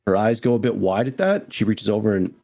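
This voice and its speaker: A man's voice: fairly low pitch, very animated, brisk, darkish tone. A man narrating a tabletop game as game master, loose and descriptive with lots of fillers.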